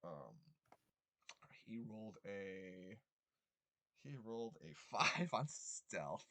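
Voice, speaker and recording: A young man running a tabletop game as game master, rambling with many ums and quick apologies. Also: lowish voice, big pitch swings, vocal fry, pushed and bright, no room sound.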